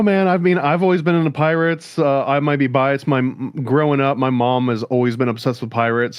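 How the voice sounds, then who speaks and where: Brief: young male podcast co-host, mid-pitched, enthusiastic, dry close mic. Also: smooth, no room sound. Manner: enthusiastic, fills with "like" and "um". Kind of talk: casual chat.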